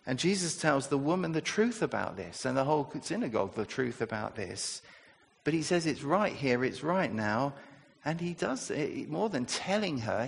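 Gravelly-voiced man preaching a sermon. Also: medium pitch, in a large hall. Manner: conversational, asks rhetorical questions.

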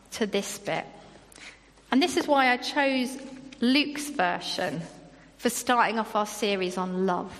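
A woman's voice: medium pitch, in a large hall. A woman preaching a sermon in an earnest manner, reading scripture aloud between her own remarks.

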